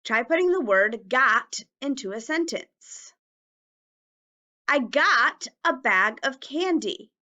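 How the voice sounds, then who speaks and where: A woman teaching a phonics lesson to young children, stretching out words and spelling them letter by letter with careful, clear enunciation. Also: high voice, lively intonation, slow pace, sharp tone, muffled recording.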